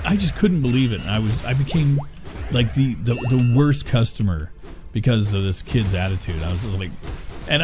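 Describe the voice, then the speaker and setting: A man's voice: lowish voice, darkish tone. A middle-aged man chatting casually while streaming a game, rambling and cursing as he grumbles. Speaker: gaming streamer. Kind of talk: casual chat while gaming.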